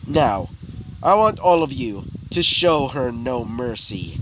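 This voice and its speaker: Brief: fierce female goddess clan leader, voiced plainly by a man, deliberate delivery, noisy recording. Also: mid-range voice, very animated. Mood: commanding. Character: bossy fierce goddess leading her clan.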